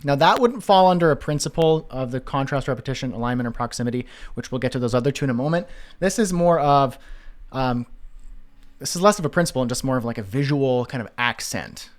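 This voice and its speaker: A man's voice: medium pitch, expressive, fast. A man teaching web design, talking casually through a screen-share walkthrough and thinking aloud with fillers and restarts.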